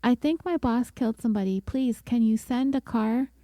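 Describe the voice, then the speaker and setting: A woman voicing a frightened male driver, speaking in halting, broken-off phrases. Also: a little high, warm tone, dry recording, close to an everyday voice. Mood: pleading.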